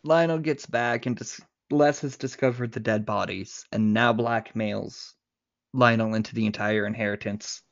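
A man's voice: on the low side, normal speed, creaky, dull audio. A man co-hosting a casual movie podcast, retelling scenes in detail and laughing often. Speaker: podcast co-host.

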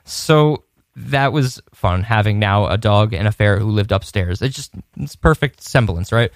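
A man's voice: on the low side, animated, normal speed, no room sound, studio quality. A man telling a rambling personal story in a casual podcast chat, with many restarts and laughs.

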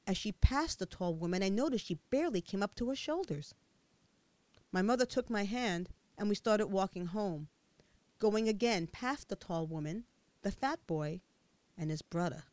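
Expressive woman reading a memoir. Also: medium pitch, moderate pace, no echo. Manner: expressive storytelling with a childlike viewpoint. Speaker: audiobook narrator. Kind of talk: first-person memoir narration.

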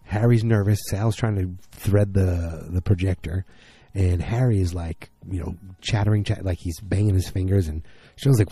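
A tired, low-voiced man recaps a TV episode in a loose, rambling way. His tone is very dark and a little husky, recorded dry and close. He keeps slipping into his characters' lines in quick bursts. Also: no room sound. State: tired, yawning. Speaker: podcast host recapping a TV episode. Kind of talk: casual recap.

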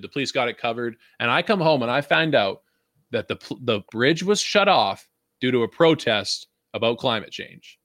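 Bright, blunt guy ranting. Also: medium pitch, no echo, studio quality. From Vancouver, Canada. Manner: profane, rambling, animated, laughs often. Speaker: podcast host. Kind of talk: casual podcast rant.

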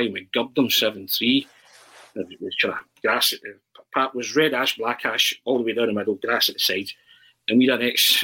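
A man, a podcast guest, telling animated anecdotes and often checking in with "right?". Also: medium pitch, breathy edge, rough recording. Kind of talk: anecdotal storytelling.

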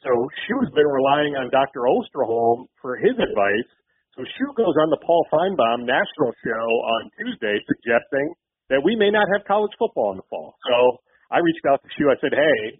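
A man, a sports reporter, calling in to a radio show and chatting quickly in a newsy way. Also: fairly high pitch, slightly rough, dry recording. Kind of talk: phone-in sports radio chat. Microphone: phone. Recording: tinny phone line.

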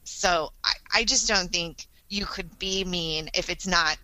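A woman's voice: lowish voice, measured pace, pushed and bright, rough recording. A woman co-hosting a podcast, telling stories in a chatty, amused way. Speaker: podcast co-host. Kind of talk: casual podcast chat.

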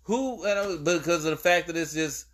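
A young man on a podcast tells a story with lots of energy, acting out each voice in it. His voice is bright and forward, and it rises high when he gets worked up. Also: fast. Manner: animated storyteller, acts out quoted exchanges. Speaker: podcast co-host. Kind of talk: casual chat.

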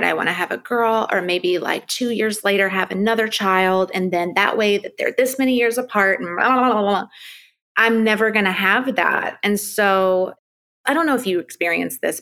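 A middle-aged woman talks openly as a podcast guest, her voice bright with a gravelly edge of fry. She speaks with emphasis and laughs easily between points. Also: medium pitch. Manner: open, emphatic, laughs often. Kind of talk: candid podcast conversation.

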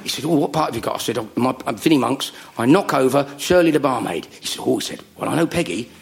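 A middle-aged man telling comic stories to a live audience, animated and full of jokes and voices. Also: mid-range voice, fast talker, gravelly. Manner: animated joke-telling, does voices and laughs. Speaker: comedian guest.

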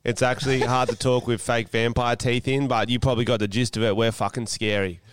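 A man's voice: mid-range voice, flat delivery, brisk, clean tone, dry recording. A young Australian man co-hosting a podcast, joking crudely in casual banter. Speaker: podcast co-host. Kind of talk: casual chat.

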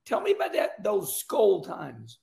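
High gravelly-voiced effusive host. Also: male voice, huge pitch swings, a little slow, darkish tone. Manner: emotional, effusive, asks long questions. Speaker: podcast host, former race driver. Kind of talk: casual interview.

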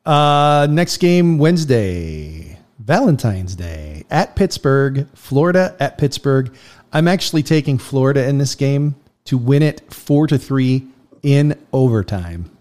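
A man's voice: mid-range voice, sing-song, measured pace, a little mellow. A middle-aged man hosting a casual hockey picks chat, running through each game in a laid-back way. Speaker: host.

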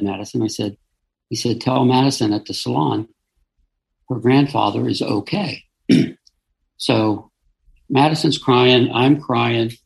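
A middle-aged man with a gravelly, rough-edged voice at an ordinary pitch, telling a personal story as an interview guest. He speaks earnestly and haltingly, often stopping to restart his sentences. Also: poor audio.

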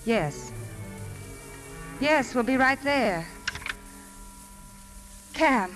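An actress playing a gentle, caring stepmother who talks in a soft, soothing way. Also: fairly high pitch, animated, very slow, faint music behind, exaggerated voice.

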